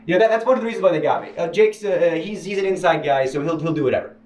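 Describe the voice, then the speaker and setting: A man telling a painful personal story as an interview guest, halting and restarting, quoting others in a raised voice. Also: darkish tone. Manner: halting, many restarts, mimics others in higher voice. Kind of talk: emotional personal account. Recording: echoey room with faint hiss.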